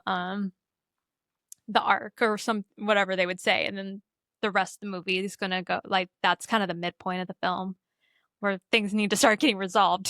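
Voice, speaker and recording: A woman's voice: mid-range voice, a bit bright, no echo, studio quality. A young woman co-hosting a podcast, chatting casually and animatedly about a film and acting out the characters' lines. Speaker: podcast co-host. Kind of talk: casual chat recapping a movie.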